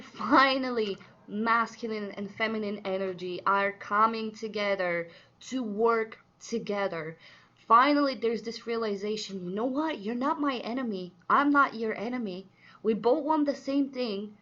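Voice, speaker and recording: A woman doing a casual tarot card reading, chatty and earnest, with many fillers and sudden excited outbursts. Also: mid-range voice, unhurried, muffled recording. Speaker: tarot reader.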